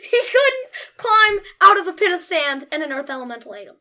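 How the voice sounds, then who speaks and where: A woman's voice: very high-pitched, big pitch swings, a little fast, pushed and bright. A woman playing a tabletop game, giggly and rambling, filling her lines with "like". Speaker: player.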